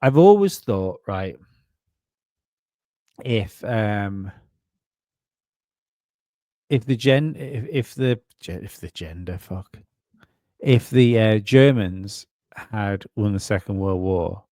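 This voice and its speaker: A man's voice: fairly low pitch, animated, slow pace, pauses often, mellow, dry recording, clean studio sound. A man co-hosting a casual conspiracy podcast, rambling and swearing, often restarting his sentences. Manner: rambling, profane, many restarts. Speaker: podcast co-host.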